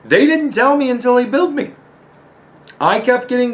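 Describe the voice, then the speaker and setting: A man's voice: very high-pitched, expressive, moderate pace. A man giving ranting personal commentary as host, exasperated and profane, firing off rhetorical questions.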